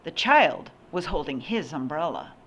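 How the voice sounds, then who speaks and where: An older woman reading a picture book aloud with slow, expressive storytelling. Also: low voice, breathy edge. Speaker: storybook reader.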